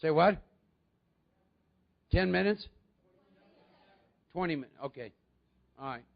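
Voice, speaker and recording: A man speaks to a recovery meeting in a conversational way and often asks his listeners questions. His voice sits high and has a gravelly edge. The recording sounds dull and lo-fi. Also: animated, slow.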